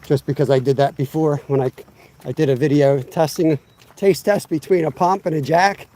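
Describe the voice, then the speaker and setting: A man's voice: a little high, steady tone, normal speed, mellow. A man in his fifties chatting casually on a fishing live stream outdoors by the water, rambling and poking fun at himself. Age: 50s. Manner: rambling, chatty, self-mocking. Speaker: fishing livestream host. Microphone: camera on a tripod.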